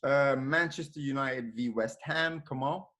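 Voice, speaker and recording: A man's voice: medium pitch, a bit bright. A man hosting a casual football podcast, prompting friends through the predictions and keeping the chat moving. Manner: runs the segments, quick-fire prompting. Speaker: podcast host.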